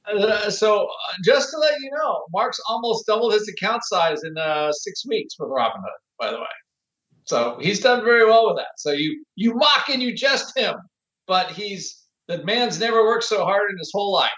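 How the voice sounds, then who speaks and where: High-voiced laughing male co-host, echoey. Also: animated, moderate pace, fairly bright tone, dull audio. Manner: rambling, laughs through his words. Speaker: podcast co-host. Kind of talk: casual podcast chat.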